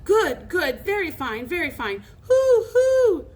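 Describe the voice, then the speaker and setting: A woman's voice: big pitch swings, takes it slowly, slight background noise, heavily acted. A woman voicing a gleeful young boy prankster who screeches and hops about in a storybook reading. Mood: manic. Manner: screeching, shrill, hopping about.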